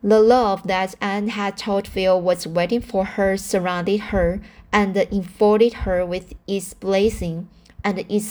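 Slow, careful woman reading a novel. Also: medium pitch. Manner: careful reading with frequent slips and self-corrections. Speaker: audiobook reader.

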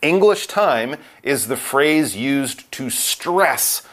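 A man co-hosting an English lesson, explaining a phrase to learners with clear, patient delivery and acted example quotes. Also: medium pitch, lively intonation, extremely slow, a bit bright. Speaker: co-host of an English lesson podcast.

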